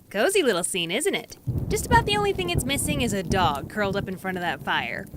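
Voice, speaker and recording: Lively bright-voiced woman storyteller. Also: medium pitch. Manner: playful, voices quoted people with big swings. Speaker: storytelling YouTuber. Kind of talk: animated comedic storytelling.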